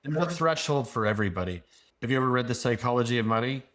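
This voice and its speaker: A man's voice: mid-range voice, expressive, fast, fairly bright tone. A man guest on a business podcast, talking confidently and a bit rambling, full of "like" fillers as he gives advice. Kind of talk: casual podcast conversation.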